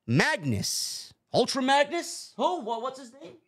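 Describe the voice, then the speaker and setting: A man with a Bronx New York accent riffs through a casual wrestling review. His voice sits high and swings widely in pitch, sarcastic and profane as he goes. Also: sing-song, normal speed, a bit bright. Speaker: podcast co-host.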